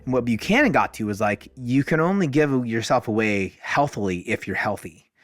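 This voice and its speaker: A man, a podcast guest, telling stories in a casual, animated way, often saying "like" and acting out dialogue. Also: medium pitch, normal speed, no room sound, clean studio sound, soft background music. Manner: animated, fills speech with "like", acts out dialogue. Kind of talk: casual storytelling.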